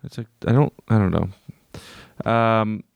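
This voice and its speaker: A man's voice: lowish voice, slow pace, gravelly, no echo, clean studio sound. A man co-hosting a podcast, joking in casual chat and often restarting his sentences. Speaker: podcast co-host.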